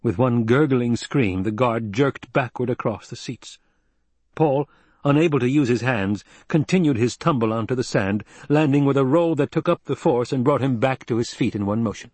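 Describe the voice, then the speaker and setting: A man giving steady, measured audiobook narration, recorded close on a studio mic. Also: medium pitch, no room sound.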